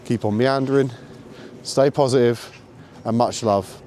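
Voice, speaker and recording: A man with a mid-range voice talks casually as he walks outdoors. He is relaxed and chatty, and explains dog training as he goes. It is a laid-back walking vlog. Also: medium pitch, measured pace, long pauses, a little hiss or hum. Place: outdoors on a walk.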